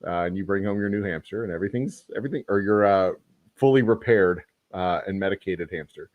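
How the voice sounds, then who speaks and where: A man's voice: low voice, a little fast, no room sound, phone-quality sound. A man hosting a podcast in casual chat, rambling and joking, often correcting himself mid-sentence. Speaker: podcast host and whiskey maker.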